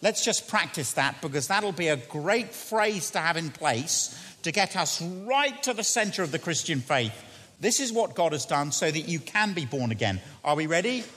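Man, preacher, sermon, earnest and questioning, high voice, long hall echo. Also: very animated, normal speed, pushed and bright. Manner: earnest, questioning, repeats key phrases. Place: church.

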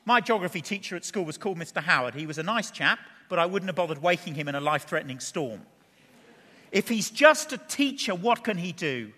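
A man preaching in a lively way, firing questions at his listeners and slipping in playful asides. His voice sits high and sounds bright and forceful. A long hall reverb trails behind him. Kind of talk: expository sermon.

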